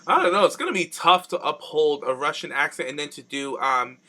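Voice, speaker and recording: A man co-hosting a casual chat show, animated and swearing freely, often mimicking other people in mock voices. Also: a little high, brisk. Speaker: podcast co-host.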